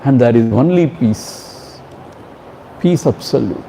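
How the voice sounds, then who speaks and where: A man, a spiritual teacher, chanting Sanskrit verses slowly and explaining them in a gentle, fatherly way. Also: mid-range voice, lively intonation, creaky, a little hiss or hum, rough recording. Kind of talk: scripture commentary talk.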